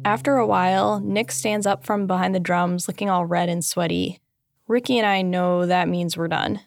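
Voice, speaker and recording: A woman telling her own memoir as scripted first-person narration, candid, dry and deadpan. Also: fairly low pitch, moderate pace, vocal fry, faint music behind.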